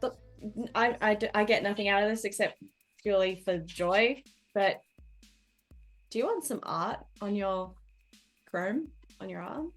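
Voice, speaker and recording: A woman's voice: medium pitch, unhurried, long pauses, faint music behind. A woman playing a tabletop role-playing game, speaking in character with a shy, stammering manner. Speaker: player.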